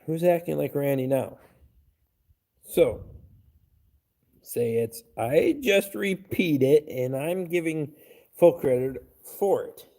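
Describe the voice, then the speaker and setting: A somewhat high-pitched man talks crudely on a live stream, swearing nearly every line. His voice is gravelly and swings widely up and down. He reads chat aloud and answers in a blunt, offhand way. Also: animated, slow pace, long pauses, dark tone.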